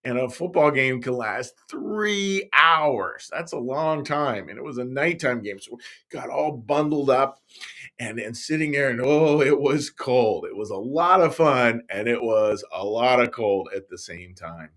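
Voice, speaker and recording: A pastor with a medium-pitched voice tells a Bible story to young children, speaking directly to them. He's playful and animated but unhurried in pace.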